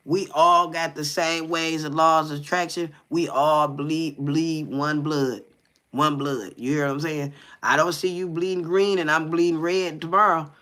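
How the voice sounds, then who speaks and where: Guy ranting on a livestream, kinda high bright voice, keeps going "you hear me". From Detroit. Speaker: content creator. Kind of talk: casual livestream commentary.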